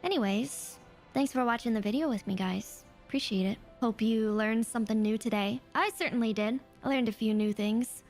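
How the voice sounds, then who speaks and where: Woman host reacting to a vid, chatty n amused, kinda high voice, music under it. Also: normal speed, darkish tone. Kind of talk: casual reaction commentary.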